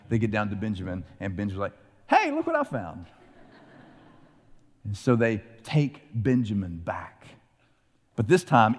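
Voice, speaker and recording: Animated male preacher in a reverberant hall. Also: on the low side. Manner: animated storytelling, acting out voices. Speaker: pastor. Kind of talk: sermon.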